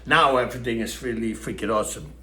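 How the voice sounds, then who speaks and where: A middle-aged man with a Dutch accent telling a story casually and animatedly, acting out what people said. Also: fast talker. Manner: animated, acts out quotes with raised pitch. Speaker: storyteller host. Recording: echoey room.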